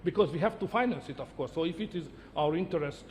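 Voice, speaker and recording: A man's voice: fairly high pitch, expressive, fast talker, darkish tone, long reverb tail, slight background noise. Emphatic middle-aged man, Hungarian speaker. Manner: emphatic, repeats words, short declarative points. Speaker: interviewee, head of government. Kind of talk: broadcast interview answers.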